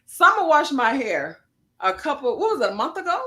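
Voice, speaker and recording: A woman co-host in a casual talk show, her voice pitched a little high. She tells stories in an animated, playful way. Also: moderate pace. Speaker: podcast co-host. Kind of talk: casual chat.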